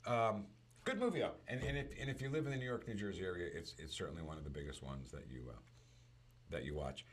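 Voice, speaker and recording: Very deep-voiced man in casual chat. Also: fast. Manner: storytelling, animated retelling.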